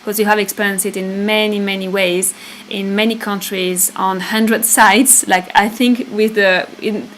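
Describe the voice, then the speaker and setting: A woman's voice: medium pitch, flat delivery, measured pace, fairly bright tone, a little hiss or hum, rough recording. French-accented woman, hesitant and repeating. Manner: hesitant, repeats words, laughs easily. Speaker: retreat co-host. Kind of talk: casual spiritual talk. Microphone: livestream.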